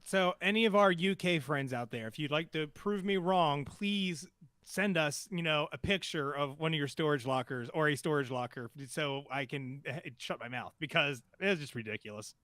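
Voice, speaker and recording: Higher-voiced man musing in casual chat. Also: moderate pace, a bit bright, no echo, clean studio sound. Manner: hesitant, many fillers and restarts, speculative. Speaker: podcast co-host. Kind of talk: casual TV episode review chat.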